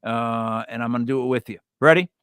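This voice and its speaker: A man hosting a live stream, chatting casually and telling stories with lots of restarts and sudden loud yells. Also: medium pitch, a little fast, smooth, dry recording, studio quality. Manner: rambling storyteller with many restarts, bursts into loud yells. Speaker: livestream host.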